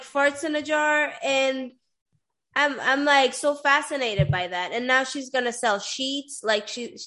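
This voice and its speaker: A woman's voice: on the high side, a bit bright. A young woman hosting an interview, rambling chattily with many fillers and frequent giggles. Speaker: interview host. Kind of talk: casual interview chat.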